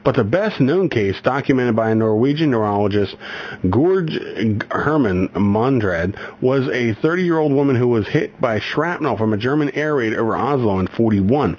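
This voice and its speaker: A man's voice: mid-range voice, expressive, moderate pace, darkish tone. A man hosting a radio show, chatting casually and reading a news story aloud with many restarts and chuckles. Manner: rambling, self-correcting, chuckles often. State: getting over a migraine. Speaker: radio host. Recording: slightly dull radio recording, faint background noise.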